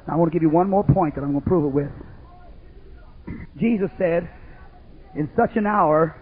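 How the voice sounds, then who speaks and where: Heard on a muffled, lo-fi old tape with a narrow band, an older preacher delivers a rambling, folksy camp-meeting sermon punctuated by abrupt shouts and laughter. His voice sits high with a breathy edge.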